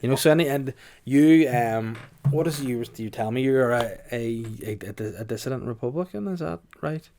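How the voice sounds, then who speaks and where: A man's voice: mid-range voice, moderate pace, mellow, slight background noise. A man with a Northern Irish accent hosting a casual comedy podcast, joking around and slipping into silly voices. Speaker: podcast host.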